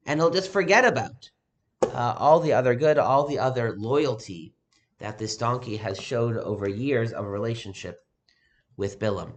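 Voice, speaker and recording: A male rabbi delivers a sermon at an even, mid-range pitch. He speaks in a measured way and pauses often on "uh" between phrases.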